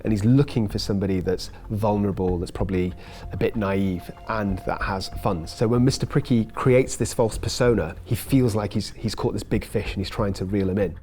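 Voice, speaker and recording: A man in the role of a forensic psychiatrist, explaining behaviour in calm, analytical expert commentary. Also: lowish voice, normal speed.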